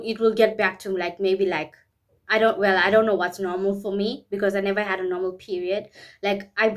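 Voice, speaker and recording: A woman vlogging in a candid, rambling way, often repeating herself and speaking openly about private matters. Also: medium pitch. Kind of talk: candid personal vlog talk.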